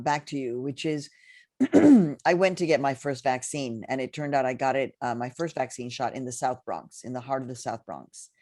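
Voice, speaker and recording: A woman's voice: very deep voice, a little mellow, no echo, clean studio sound. A woman moderating a panel discussion over a video call, speaking in a reflective, personal way with fillers and restarts.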